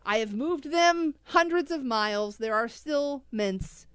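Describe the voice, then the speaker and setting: A woman hosting a casual chat, telling a story in an animated way with frequent laughs and pleading asides. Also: sits high, slow pace, clean tone, no echo, clean studio sound.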